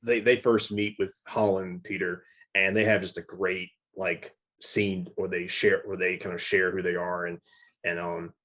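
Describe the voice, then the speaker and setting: A young man with a somewhat low voice reviews a film in a relaxed back-and-forth. He gets excited and stammers, repeating words and restarting his sentences as he goes. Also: normal speed. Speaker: movie reviewer. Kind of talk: casual chat.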